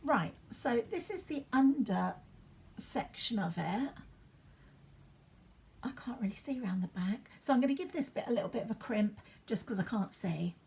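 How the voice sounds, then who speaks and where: A woman's voice: on the high side, lively intonation, moderate pace, gravelly, slight background noise. Chatty woman in her fifties. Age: 50s. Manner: chatty, rambling, drops into soft asides while working. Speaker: beauty vlogger. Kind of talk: chatty get-ready-with-me vlog.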